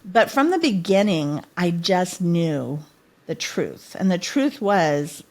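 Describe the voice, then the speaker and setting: A middle-aged woman talks as a podcast guest with earnest, heartfelt storytelling. Her voice sits a bit low for a woman. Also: very animated, slow. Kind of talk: podcast interview.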